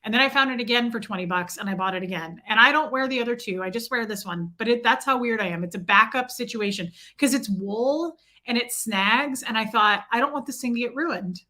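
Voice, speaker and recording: Woman from michigan, livestream host, chatty roll-call manner, bright voice, a bit high. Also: brisk, few pauses. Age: adult with a child. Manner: chatty, reads out viewer names in a roll call. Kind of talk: casual livestream chat.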